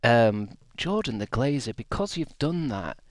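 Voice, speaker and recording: A man's voice: mid-range voice, very animated, unhurried, no echo. A young man streaming live, rambling in casual chat and reading out his chat. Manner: rambling, chatty, reads and answers chat.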